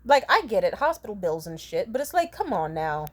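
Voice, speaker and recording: A woman's voice: mid-range voice, sing-song, brisk. A young adult woman telling a casual storytime vlog, rambling and profane, laughing often between sentences. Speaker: vlogger.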